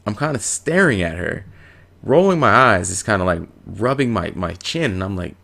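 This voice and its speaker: A man's voice: lowish voice, moderate pace, gravelly. A man vlogger telling a funny story from his past in a casual, blunt and profane way. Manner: profane, blunt, animated retelling.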